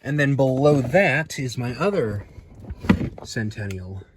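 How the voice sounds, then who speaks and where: A man's voice: mid-range voice, lively intonation, takes it slowly, very noisy. A man casually walking through his house and garage, listing ceiling fans from his collection as he films, rambling with fillers and a little out of breath. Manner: rambling, cataloguing items aloud with fillers. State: slightly out of breath. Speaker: ceiling fan collector giving a home tour. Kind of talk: casual walkthrough vlog. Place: house, garage and storage rooms.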